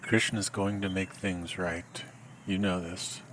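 A man putting on a low, soft, threatening tough-guy voice for a prank phone call. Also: little pitch movement, takes it slowly, a little hiss or hum. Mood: solemn. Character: grave menacing male avenger on a phone call.

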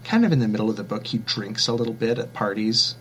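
A man's voice: on the low side, fast, slight background noise. A man talking casually in a book discussion, chatty and self-deprecating, with frequent restarts and fillers.

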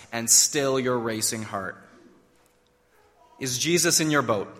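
A man's voice: on the high side, bright, forceful tone, in a large hall. A man preaching a sermon, emphatic and full of rhetorical questions. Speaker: pastor.

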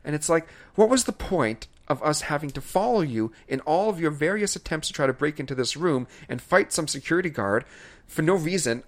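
A man with a somewhat raised pitch talks in loose, casual podcast chat. His delivery is animated and exasperated, full of emphatic rants broken up by laughter. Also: brisk. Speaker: podcast co-host reviewing films.

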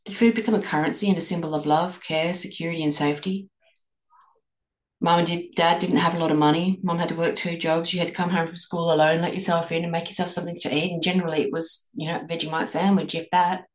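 A woman hosting a reflective podcast, leading listeners through a string of gentle questions. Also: on the low side, fairly even intonation, fast. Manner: asks many guiding questions, gentle restarts. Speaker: podcast host and eating coach. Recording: echoey room.

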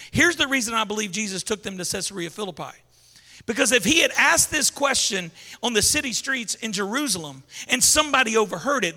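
A man preaching a sermon in a casual, animated way, wandering off on side paths and building up to shouts. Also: extremely high pitch. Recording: long hall reverb.

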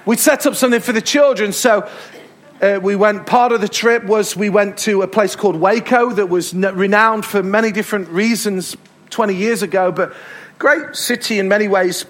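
An English man preaching from the pulpit with a high-pitched voice. He tells stories in a lively way and hammers home his points by repeating them. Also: normal speed. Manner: storytelling, emphatic repetitions. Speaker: pastor. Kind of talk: sermon. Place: church hall.

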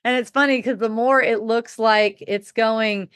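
A woman's voice: on the high side, steady tone, a little slow, fairly bright tone, smooth, no room sound. A middle-aged woman hosting a casual spiritual talk, candid and rambling, laughing often and swearing freely. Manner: rambling with restarts. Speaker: podcast host.

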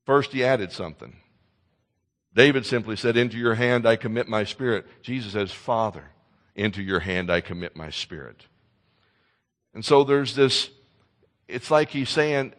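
Earnest male preacher, loud and hushed. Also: on the low side, normal speed, long pauses, in a large hall. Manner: earnest, swings from loud emphasis to soft intensity; repeats words when starting sentences. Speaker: pastor. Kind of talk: sermon.

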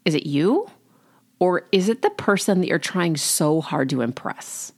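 A woman with a fairly low voice hosts a solo coaching podcast. She talks in an encouraging, conversational way, warm in intent and loose with casual fillers. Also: very animated, a little slow. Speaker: life coach.

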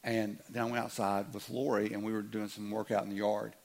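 A man in his fifties preaching a sermon as a pastor, earnest, dropping to a hush and then rising loud, often repeating his words. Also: lowish voice, flat delivery, fairly quick, creaky.

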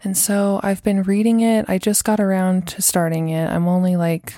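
Chatty woman in her thirties, mellow voice. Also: mid-range voice, little pitch movement, moderate pace, no room sound, studio quality. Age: 30s. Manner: chatty, rambling, heavy use of "like" and "um". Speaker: podcast host. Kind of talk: casual solo podcast chat.

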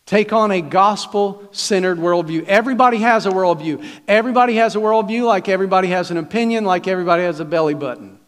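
A man's voice: high-pitched, quick pace, few pauses, long reverb tail. A man pastor preaching a sermon in a conversational, folksy way, with restarts and questions to the congregation. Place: church sanctuary.

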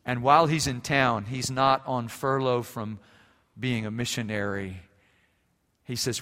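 A man's voice: medium pitch, steady tone, measured pace, sharp tone. A male pastor preaching a sermon, telling a story and building to fervent emphasis, in an echoey church sanctuary.

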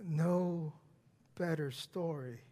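A male pastor preaching in a large church, his voice echoing with a long reverb. He speaks at a high pitch and an unhurried pace, repeating phrases for emphasis and dropping from loud declarations to near-whispers. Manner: dramatic swings from loud emphasis to hushed whispers. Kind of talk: sermon.

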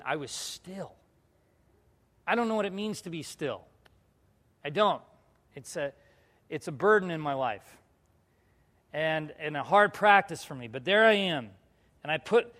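A high-pitched man preaching a personal testimony as a youth pastor. He tells the story with animation, jumping from loud bursts to quiet, hushed asides. His voice carries a long reverb from a large church hall. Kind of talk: sermon testimony to a congregation.

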